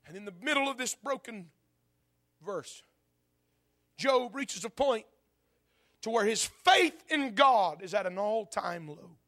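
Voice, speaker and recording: A man preaching a sermon with impassioned delivery, dropping to hushed tones and building to shouts. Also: high voice, expressive, slow pace, long pauses.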